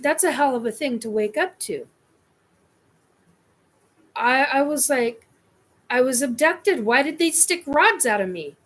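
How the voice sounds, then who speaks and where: A woman hosting her own show, telling a personal experience in a scattered, rambling way. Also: high voice. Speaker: host.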